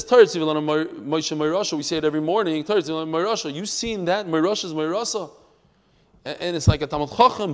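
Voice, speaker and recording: A man teaching a daily Talmud class to a live group. He talks in an animated, emphatic way, mixes Hebrew and Yiddish terms into English, and tells stories. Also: high-pitched, long reverb tail.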